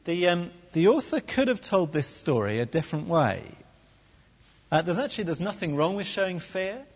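A man preaching a sermon with a wry, animated delivery and humorous asides. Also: high-pitched, moderate pace, breathy edge. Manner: animated, wry, with comic put-on voices. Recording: dull recording in echoey hall.

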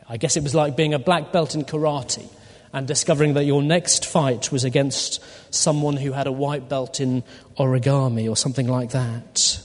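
A man preaching a sermon through a Bible passage, deliberate and full of rhetorical questions to his listeners. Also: medium pitch, steady tone. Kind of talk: expository sermon. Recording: long hall reverb.

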